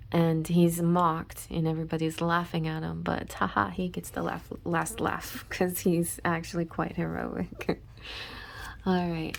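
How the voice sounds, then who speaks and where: A woman hosting her own channel, flipping through a card deck and reading its texts in a soft half-whisper between casual, laughing asides. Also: on the low side. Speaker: tarot channel host. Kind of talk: deck flip-through review.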